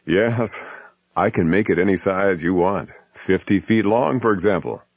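A man voicing an eager man in a virtual park, in a blunt, deadpan comic voice. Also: deep voice, a little slow, breathy edge, dry recording, heavily acted. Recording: muffled lo-fi recording.

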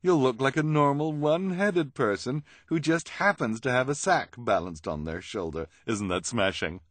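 A man voicing a vain, scheming woman villain with a haughty, sharp manner in a storybook reading. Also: medium pitch, animated, normal speed, no room sound, voice pushed up.

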